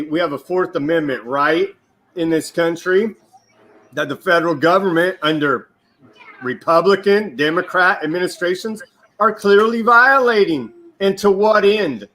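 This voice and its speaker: A man giving political commentary as a guest, indignant and forceful, asking rhetorical questions. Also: high-pitched, a little slow.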